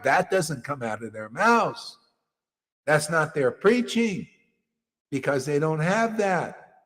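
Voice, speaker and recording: A man's voice: high-pitched, slow, fairly bright tone, long reverb tail. A man giving a devotional sermon as a spiritual teacher, preaching bluntly and emphatically with mocking asides.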